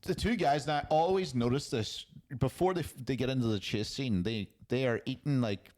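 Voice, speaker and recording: A male podcast co-host rambles and swears through a casual film-review chat, laughing easily. His voice is mid-range and slightly mellow.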